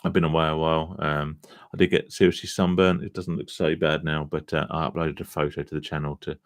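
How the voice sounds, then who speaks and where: Tired, gravelly deep-voiced man. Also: flat delivery, a little fast, no echo, studio quality. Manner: chatty, self-deprecating, swears casually. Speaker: live-stream host on gambling recovery. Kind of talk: casual live-stream chat reading viewer comments.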